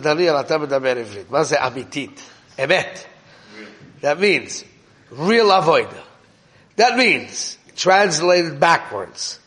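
A man's voice: a little high, fairly bright tone. A man teaching an informal Torah class in a conversational way, often asking his listeners questions and mixing in Hebrew terms.

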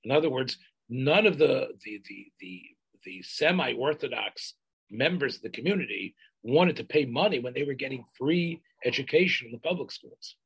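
Older man, husky, halting storytelling. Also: medium pitch, expressive, fairly bright tone, poor audio. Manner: halting, many restarts, Yiddish and Hebrew terms. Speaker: interviewee. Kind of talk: oral history interview.

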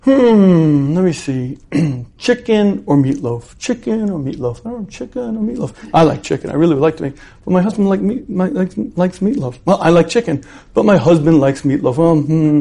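A man's voice: on the high side, a little fast, gravelly, mellow. A man voicing a fretful housewife who mutters over dinner choices and turns aggrieved and whiny. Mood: fretting.

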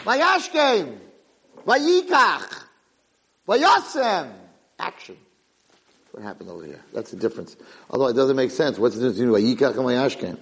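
Gravelly, animated rabbi storyteller. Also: male voice, medium pitch, quick pace. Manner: animated storyteller who acts out characters. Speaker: rabbi teaching a Torah class. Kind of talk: storytelling Torah lesson.

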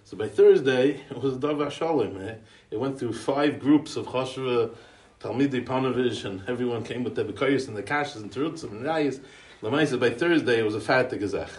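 A mid-range male voice moves fairly quickly through a eulogy made up of chatty anecdotes. The speaker, from the United States, fills his English with Yiddish and Hebrew yeshiva terms and rambles with restarts and chuckles, heard through a distant mic in a roomy room.

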